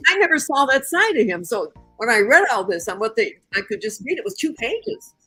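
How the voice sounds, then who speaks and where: An older woman from the Chicago area, a guest in an interview, telling a story with lively acted-out voices. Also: a little high, fairly quick, slightly rough, no room sound, faint music behind, low-quality recording. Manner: animated storyteller who acts out the voices in her story.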